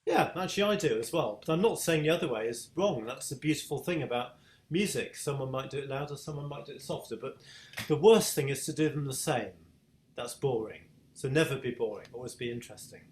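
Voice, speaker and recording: A man's voice: medium pitch, expressive, a little fast. A man with a British accent giving an online piano masterclass, asking patient questions and encouraging his student. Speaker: piano teacher. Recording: echoey room over video call, piano.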